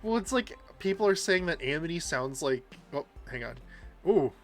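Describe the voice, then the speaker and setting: Rambling male streamer host, lively pitch. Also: faint music behind. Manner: rambling, halting restarts. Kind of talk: casual podcast-style chat while gaming.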